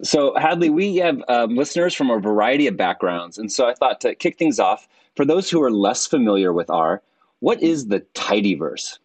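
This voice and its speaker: A man's voice: medium pitch, big pitch swings, moderate pace, darkish tone, husky, dry recording. A man co-hosting a podcast, introducing the episode and asking questions in an upbeat way. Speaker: podcast co-host.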